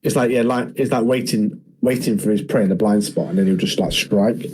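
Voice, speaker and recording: A man's voice: lowish voice, a little fast, low-quality recording. Laid-back man agreeing along. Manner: relaxed, agreeable, asks tag questions. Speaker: podcast co-host. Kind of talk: casual chat.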